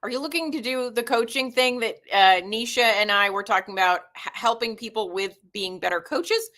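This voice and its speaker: A woman's voice: on the high side, moderate pace, fairly bright tone. A woman in her forties hosting a casual livestream, chatting and reading viewer comments aloud. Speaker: livestream host.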